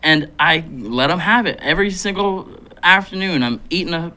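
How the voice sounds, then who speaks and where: Bright-voiced profane man telling stories. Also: a little high, animated, normal speed. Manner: blunt, profane, laughs loudly. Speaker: podcast co-host. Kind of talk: casual crude storytelling.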